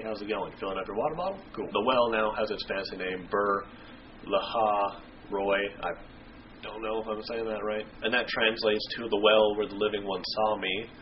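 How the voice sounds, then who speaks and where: Man, casual Bible-study host, irreverent and slangy, fast delivery, slight background hiss. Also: fairly low pitch. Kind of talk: scripture reading and casual explanation. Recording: dull lo-fi home recording.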